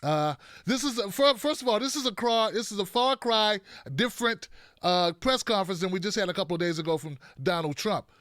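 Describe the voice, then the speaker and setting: A man hosting a political commentary show, talking in a blunt, animated, joking way with frequent restarts. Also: sits high, a little fast, no echo, studio quality.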